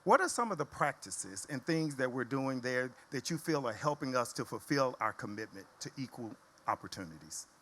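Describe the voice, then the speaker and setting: A man moderating a live panel on stage, lively and joking with the audience. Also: mid-range voice, normal speed. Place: event stage.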